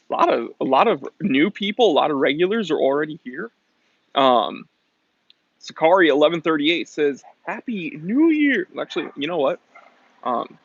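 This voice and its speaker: Sitting outdoors in the shade, a man hosts a casual livestream, chatting and greeting viewers while reading their comments aloud. His mid-range voice has vocal fry, and the recording sounds muffled.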